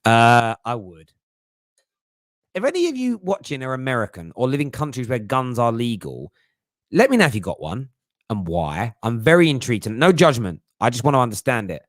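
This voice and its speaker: A man's voice: mid-range voice, big pitch swings, moderate pace, no echo, clean studio sound. A young man hosting a casual live chat, jokey and slangy, laughing often. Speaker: livestream host.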